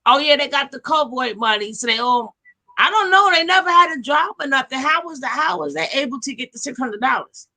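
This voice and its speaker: A woman hosting a casual gossip livestream, animated and slangy, quick to laugh. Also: sits high. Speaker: livestream host.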